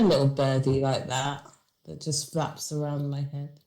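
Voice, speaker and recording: Tired tipsy woman streamer, low and slow, roomy echo. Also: level tone, mellow. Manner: drowsy, tipsy, rambling with sing-song humming. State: tired and slightly drunk. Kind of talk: casual chat.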